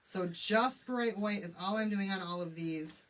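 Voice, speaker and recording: A woman's voice: mid-range voice, unhurried, fairly bright tone, far from the mic, slight background noise, poor audio. A middle-aged woman from Michigan hosting a casual live craft demonstration, chatting and greeting viewers by name. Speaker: craft livestream host.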